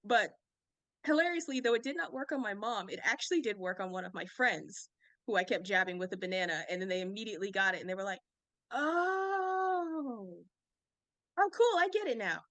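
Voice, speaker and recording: A woman's voice: medium pitch, quick pace, bright, forceful tone, dry recording. A woman on a panel telling a funny story in a playful, laughing way.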